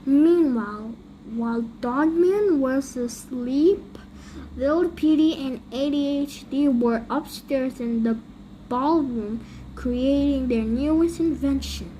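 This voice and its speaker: A woman reading a children's book aloud, taking it slowly and doing the voices of every character herself. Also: high-pitched, warm tone, a little hiss or hum, low-quality recording. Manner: unhurried, plays every character. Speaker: storybook reader.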